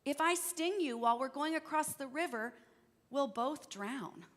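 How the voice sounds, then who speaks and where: A hushed, apologetic scorpion from a told fable, voiced by a woman. The voice is high and bright, the pace slow. A long church-hall reverb trails each word. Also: expressive. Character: pleading scorpion that can't help stinging. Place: church sanctuary.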